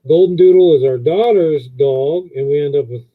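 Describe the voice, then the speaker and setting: A middle-aged man co-hosting a casual live stream, rambling about his dogs and thanking viewers. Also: moderate pace. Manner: rambling, talks in high baby voice to dogs. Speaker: livestream co-host. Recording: muffled phone-like audio.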